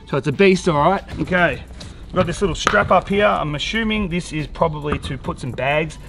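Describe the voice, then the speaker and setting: Aussie guy unboxing gear, upbeat and chatty, highish voice, music under it. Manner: upbeat, chatty, thinks aloud while unpacking. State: out of breath after pumping. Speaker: vlogger reviewing gear. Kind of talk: casual product review vlog.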